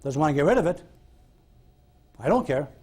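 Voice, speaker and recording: A man's voice: a little high, animated, moderate pace, darkish tone, husky. Blunt folksy man lecturing a class. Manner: folksy, blunt storytelling, acts out dialogue with clients. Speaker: hypnosis instructor. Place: lecture room with audience.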